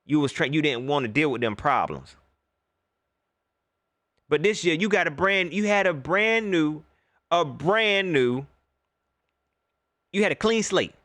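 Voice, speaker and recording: A man's voice: a little high, expressive, measured pace, pauses often, fairly bright tone, dry recording. A middle-aged man hosting a livestream, ranting animatedly about sports and greeting viewers in the chat by name. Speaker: host. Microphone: laptop mic.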